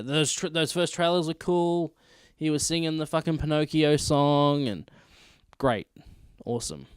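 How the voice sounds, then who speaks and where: A man's voice: medium pitch, clean tone, no echo. A man hosting his own video, ranking films in a blunt, emphatic, profane casual rant. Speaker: vlog host ranking films.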